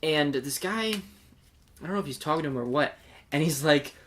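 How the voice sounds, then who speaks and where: A man's voice: a little high, expressive, fairly quick, fairly bright tone, slight background noise. A man co-hosting a podcast, retelling scenes in casual, profane chat. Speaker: podcast co-host.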